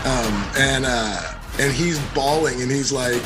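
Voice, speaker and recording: Bright, animated male podcast storyteller. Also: medium pitch, moderate pace, few pauses, faint music behind. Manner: animated, swears freely, acts out scenes. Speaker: podcast co-host. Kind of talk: casual storytelling chat.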